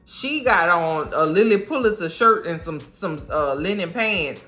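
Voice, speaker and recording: A woman recapping a TV episode in a sassy, animated way, full of slang and mock outrage. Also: fairly low pitch, measured pace, soft background music. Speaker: TV recap vlogger.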